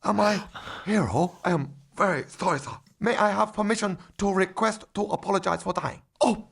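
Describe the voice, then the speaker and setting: A man voicing a fanatically loyal cartoon pig soldier in a video game, fawning over his commander and shouting battle cries. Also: high-pitched, normal speed, exaggerated voice. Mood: dying. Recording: game clips with clear noise.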